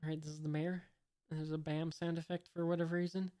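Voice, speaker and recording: A woman reading a comic aloud in a casual way. She pauses often on filler sounds, reads out the sound effects and describes each panel. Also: sits low, flat delivery, dark tone. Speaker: reader of a comic. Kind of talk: casual comic read-along.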